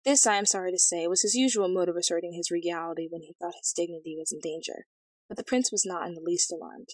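A woman narrating a fairy tale as an audiobook reading, in a clear, even storytelling manner. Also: on the low side, quick pace, no echo, low-quality recording.

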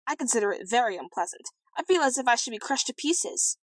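A haughty young princess from an old fairy tale, tart and complaining, her voice lifted a little higher than the plain telling. She sounds fussy and put out. A woman reads her in a dry, close recording. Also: lively intonation, fast, no echo. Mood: peevish.

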